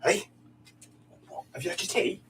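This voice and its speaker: A man, a barber hosting a livestream, chatting in an animated, excitable way, laughing often and swearing casually. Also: a little slow. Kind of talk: casual chat. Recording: distant mic with faint background noise.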